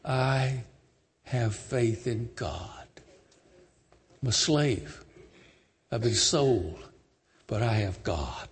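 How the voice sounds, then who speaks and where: A man's voice: mid-range voice, expressive, drawn-out words, long pauses, slightly rough, pitched below the performer's own voice, heavily acted. A man voicing a steadfast young servant. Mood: resolute. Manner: earnest, emphatic, repeating himself. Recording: long hall reverb.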